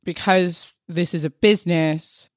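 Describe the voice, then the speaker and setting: A woman's voice: on the low side, fairly even intonation, a little slow, a little mellow, no echo, studio quality. Frank, rambling woman in her thirties. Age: 30s. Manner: frank, rambling, heavy use of "like". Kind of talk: candid personal chat.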